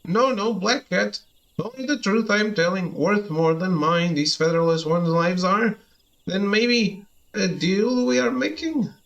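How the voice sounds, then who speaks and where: A man's voice: sits high, a little slow, creaky, fairly bright tone, muffled recording, exaggerated voice. A man voicing a cowardly bird-man creature who talks in backwards word order and squawks while pleading for his life. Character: cowardly male bird-man beast, fawning and sly. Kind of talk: reading game dialogue aloud.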